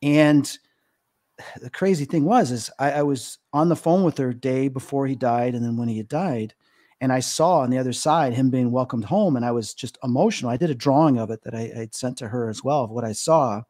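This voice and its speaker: Earnest man in his fifties, mellow voice. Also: medium pitch, brisk. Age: 50s. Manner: earnest, emotional storytelling with many fillers. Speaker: psychic medium guest. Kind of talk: podcast interview, storytelling.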